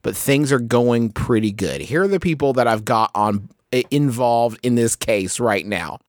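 Dry, rambling excitable podcast host man. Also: medium pitch, moderate pace, no room sound. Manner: rambling and excitable, full of restarts. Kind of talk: casual comedic chat.

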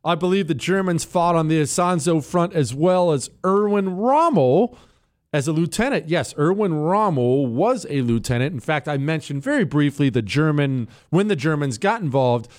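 Animated male talk radio host. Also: moderate pace. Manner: animated, swings high when incredulous. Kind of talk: casual talk radio monologue.

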